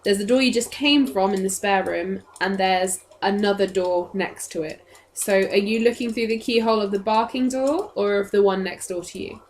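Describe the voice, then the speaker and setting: A woman running a tabletop game as dungeon master, setting scenes in an unhurried, descriptive way. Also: medium pitch.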